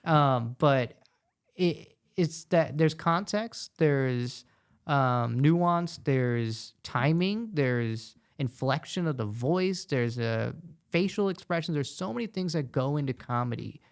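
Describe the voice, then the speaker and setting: A man who is a stand-up comedian and guest, talking casually and animatedly, telling stories with quick asides. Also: medium pitch, expressive, smooth. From United States. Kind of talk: casual podcast conversation.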